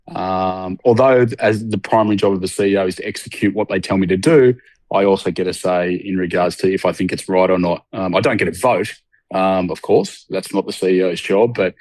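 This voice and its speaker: A man with an Australian accent, a guest on a casual podcast interview, talking haltingly with many fillers and restarts. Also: deep voice, darkish tone, no room sound.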